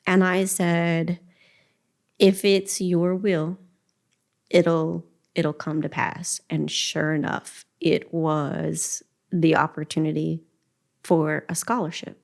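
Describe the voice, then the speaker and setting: A woman's voice: deep voice, flat delivery, takes it slowly, vocal fry, darkish tone. A middle-aged woman giving an earnest, emotional personal testimony as a podcast guest, speaking with faith and quoting her own prayers.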